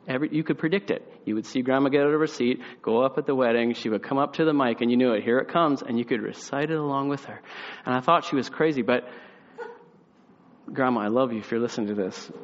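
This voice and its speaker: A young man preaching a sermon, telling a family story with lively acted-out voices and sliding into quiet, earnest reflection. His voice sits at an ordinary pitch, sounds slightly muffled, and rings out in a big reverberant hall.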